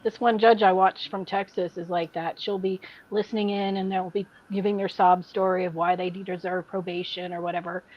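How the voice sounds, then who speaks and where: A woman's voice: on the low side, moderate pace, hardly any pauses. Woman telling stories on a lo-fi podcast. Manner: animated storyteller, mimics people she describes. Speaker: podcast host. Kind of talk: casual chat.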